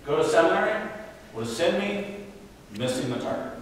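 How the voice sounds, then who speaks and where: A man's voice: sits high, normal speed, slight background noise. A man giving a faith-based parenting talk, telling stories with acted quotes. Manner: animated storytelling with acted quotes. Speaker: parenting speaker. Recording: echoey hall from far off.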